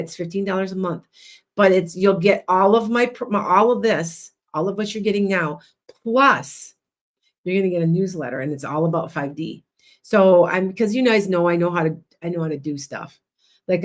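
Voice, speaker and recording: A woman hosting a livestream as a psychic and hypnotist, chatting loudly and rambling with many restarts. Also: lowish voice, moderate pace.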